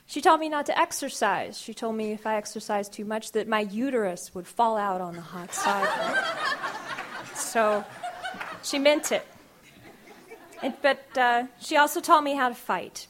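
A woman poet, reading her poems aloud live in a wry, unhurried way. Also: on the high side, expressive, background noise. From Kentucky. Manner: wry, unhurried, drawn-out vowels in the verse.

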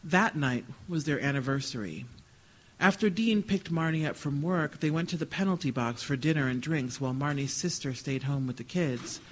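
Man reading fiction aloud, voice pitched fairly high. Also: normal speed, low-quality recording. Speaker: author reading. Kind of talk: live reading of literary fiction.

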